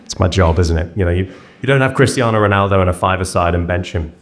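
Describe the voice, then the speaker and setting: A man's voice: deep voice, fast talker, very noisy. A young English man doing stand-up comedy on stage, self-mocking and rambling in his delivery. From England. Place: on stage before a live audience.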